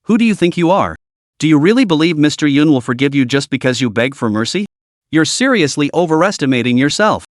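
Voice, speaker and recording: A woman's voice: low-pitched, lively intonation, brisk, no echo, clean studio sound. A man voicing a scheming, sarcastic young woman executive in a story recap, mocking as he reads her lines. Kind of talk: recap narration role-reading.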